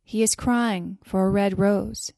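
A woman's voice: medium pitch, fairly even intonation, takes it slowly, mellow, dry recording, clean studio sound. A woman voicing a small, devoted female nightingale in a storybook reading, earnest and pleading.

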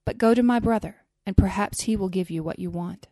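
Solemn storybook rose tree, grave and measured, read by a woman in a warm, dry voice. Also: medium pitch, no room sound, close to an everyday voice.

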